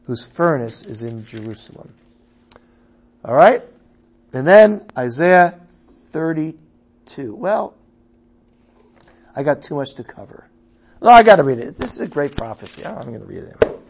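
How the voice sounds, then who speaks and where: A man leading an evening Bible study, reading scripture aloud with quiet asides and loud, emphatic passages, often checking in with his listeners. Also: on the high side, very animated, a little slow, creaky, pauses often, husky. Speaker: Bible teacher.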